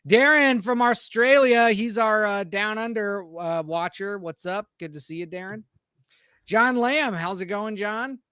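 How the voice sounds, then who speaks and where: A casual American man with a fairly high voice chats on a live podcast stream. He rambles and greets viewers by name, and his voice sounds dry and close. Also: a little slow, sharp tone, clear, resonant tone, no room sound. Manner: rambling, reads out chat names. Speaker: podcast co-host.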